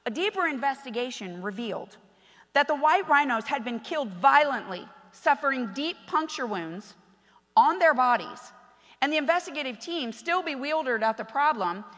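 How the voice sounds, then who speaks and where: A woman pastor preaching a passionate sermon that swings between loud exhortation and quiet storytelling. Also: high-pitched, animated, normal speed, big-room sound.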